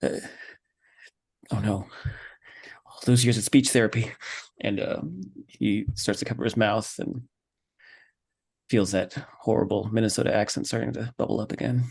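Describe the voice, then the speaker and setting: Gravelly-voiced hesitant male player. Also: lowish voice, steady tone, moderate pace, pauses often, darkish tone. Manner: hesitant, many fillers, describes his character. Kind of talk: role-playing a tabletop game.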